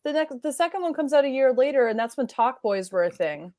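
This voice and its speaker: Animated, playful woman with a lively voice. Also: high voice, fairly quick, no echo, studio quality. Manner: animated, playful joke-teller. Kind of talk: casual chat.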